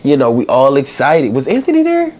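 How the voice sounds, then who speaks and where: A man hosting a podcast, telling a heartfelt personal story in a halting way, with many pauses and fillers, holding back tears. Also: mid-range voice, huge pitch swings, a little mellow. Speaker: podcast host.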